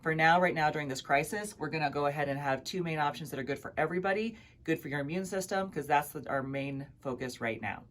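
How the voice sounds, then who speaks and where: A woman's voice: low voice, fast talker, hardly any pauses. A woman giving a casual health talk to camera, chatty and conversational, often checking in with "right?" and "okay?". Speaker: health practitioner.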